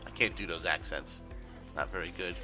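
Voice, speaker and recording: A man's voice: deep voice, fairly even intonation, normal speed, over music. A man chatting casually while streaming a game, rambling and sarcastic with plenty of swearing. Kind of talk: casual gaming stream commentary.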